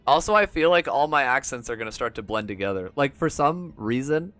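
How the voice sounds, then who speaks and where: A man's voice: mid-range voice, animated, a little fast, few pauses, a bit bright, soft background music. A man streaming a story game, chatting casually and jokingly, laughing at the story as he reads it aloud. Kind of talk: casual gameplay commentary and reading aloud.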